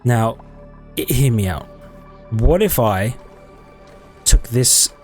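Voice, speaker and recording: A man's voice: mid-range voice, expressive, slow, darkish tone, faint music behind. A man giving casual let's-play commentary, thinking aloud in a chatty way and correcting himself as he goes. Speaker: gaming YouTuber.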